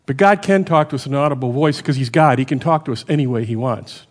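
A middle-aged man delivers a sermon in a loose, conversational manner. He keeps checking in with his listeners and swings between loud emphatic stretches and quiet, low asides. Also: quick pace. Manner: varies loudness a lot, rising for emphasis and dropping low. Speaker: preacher.

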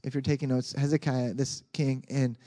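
A man preaching a sermon as a pastor in a conversational, animated way with frequent restarts. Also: medium pitch, moderate pace.

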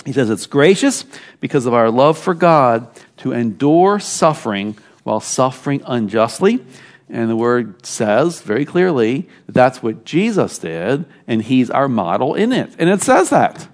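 A man preaching a sermon in a church, emphatic and animated, dropping at times into quiet asides. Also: medium pitch, unhurried. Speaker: pastor.

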